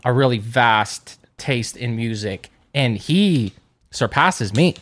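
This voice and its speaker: A man's voice: medium pitch, expressive, slow pace, fairly bright tone. A man co-hosting a podcast in casual chat, teasing his co-host and laughing often.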